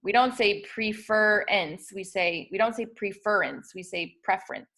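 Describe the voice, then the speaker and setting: A woman's voice: mid-range voice, moderate pace, creaky, fairly bright tone. A young woman teaching spelling rules in a patient, methodical way, with frequent ums and small self-corrections. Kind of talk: instructional explanation of spelling rules.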